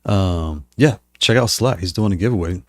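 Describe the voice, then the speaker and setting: Deep-voiced man rambling on a live stream. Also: moderate pace, no room sound. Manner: rambling, thinks aloud, frequent restarts. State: slightly hoarse. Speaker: streamer talking to chat while playing. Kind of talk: casual live-stream chat.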